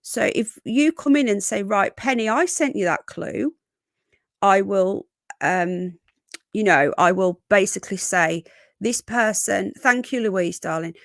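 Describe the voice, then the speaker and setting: A woman hosts a casual live stream, her voice a bit croaky as she chats and greets her viewers by name, calling them darling. The sound is close and dry, with no room echo. Her pitch sits in an ordinary middle range. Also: animated, measured pace. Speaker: livestream host.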